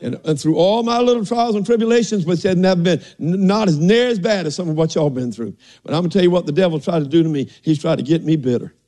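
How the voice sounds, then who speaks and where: A man's voice: high voice, lively intonation, fast talker, hardly any pauses, warm tone. An older man preaching a folksy sermon, often asking "are y'all listening" and saying amen.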